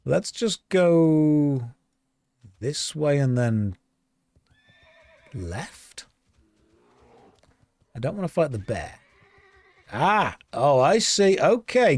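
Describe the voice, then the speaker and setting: An English man rambles and jokes as he plays an online game, thinking aloud between moves. His voice sits a little high for a man. The sound is close and dry. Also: a little mellow, no echo. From England. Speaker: streamer playing an online game. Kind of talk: casual gameplay chat.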